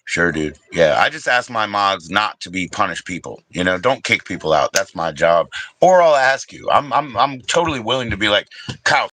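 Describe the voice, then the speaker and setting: A middle-aged man hosting a casual livestream, his voice low but bright and forceful. He rambles, swears freely and talks straight to his chat viewers. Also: big pitch swings, normal speed, low-quality recording. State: briefly emotional, teary. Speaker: livestream host.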